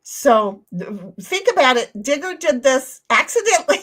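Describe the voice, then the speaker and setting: Lively, high-voiced woman streamer. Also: normal speed. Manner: blunt, profane, playful. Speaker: stream co-host. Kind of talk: casual livestream chat.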